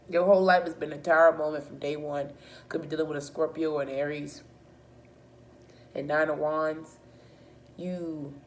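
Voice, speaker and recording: A woman with a low voice gives a casual tarot reading straight to her viewers. She speaks bluntly and swears freely, often stopping and restarting her sentences. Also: slight background noise. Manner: blunt and profane, frequent restarts. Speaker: tarot reader.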